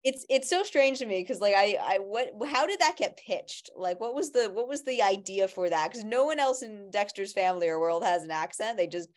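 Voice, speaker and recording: A woman's voice: mid-range voice, animated, a little fast, few pauses. A woman co-hosting a casual podcast chat, talking in a rambling way with many restarts and fillers. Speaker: podcast co-host.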